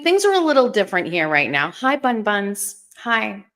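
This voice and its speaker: A woman hosts a casual livestream, talking loosely and playfully to her viewers. Her voice sits at a middling pitch for a woman. She speaks into a desk microphone in a bare bedroom at home. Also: very animated, normal speed, a bit bright. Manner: chatty, playful, greets viewers with meows. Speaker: livestream host.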